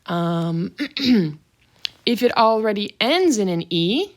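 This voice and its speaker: A woman's voice: medium pitch, lively intonation, slow pace. A woman teaching a French vocabulary lesson, saying each word twice, then explaining it in brief asides.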